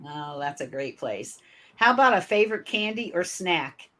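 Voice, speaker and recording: A woman's voice: on the low side, big pitch swings, normal speed, a bit bright. A woman from Michigan with a northern US accent, hosting a podcast interview in a friendly, chatty way with fillers. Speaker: podcast host. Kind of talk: casual interview.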